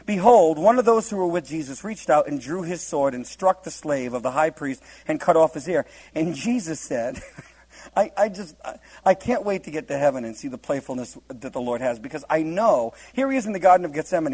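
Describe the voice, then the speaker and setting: A man's voice: on the high side, darkish tone, slightly rough, low-quality recording. A man preaching a humorous verse-by-verse Bible teaching, laughing often and acting out the scenes in different voices.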